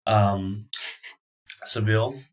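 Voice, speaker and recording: A man acting as dungeon master, calmly narrating and calling for dice rolls with a relaxed, chuckling manner. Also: lowish voice, very slow. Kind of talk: running a tabletop game.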